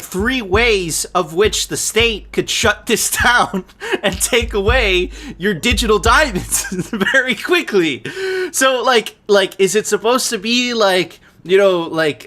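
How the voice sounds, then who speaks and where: A man hosting a live stream, chatting casually with profanity and frequent laughter. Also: sits high. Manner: profane, laughing, animated ranting. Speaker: podcast host.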